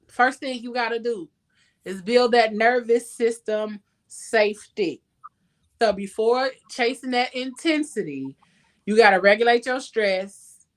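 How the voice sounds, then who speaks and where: A woman hosts a casual advice talk. She speaks emphatically and laughs between points, at a middle pitch. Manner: emphatic, laughs often, sings a line. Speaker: podcast host.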